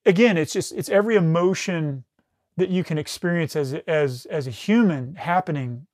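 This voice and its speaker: A middle-aged man, a retired military rescue specialist, recounts a battlefield experience as a podcast guest in casual conversation, speaking with raw intensity, swearing constantly and stumbling into restarts. His voice is fairly high yet darkish in tone, at a normal speed. The sound is dry and close, with no room around it.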